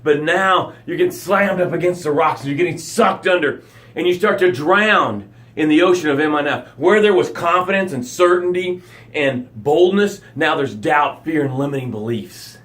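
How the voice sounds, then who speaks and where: Motivational coach guy talking right at you, punchy, goes big then drops to a hush, kinda high-pitched. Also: normal speed. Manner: dramatic, swings from loud emphasis to hushed low lines; addresses listeners directly in short punchy phrases. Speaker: motivational coach and show host. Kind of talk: motivational live broadcast talk.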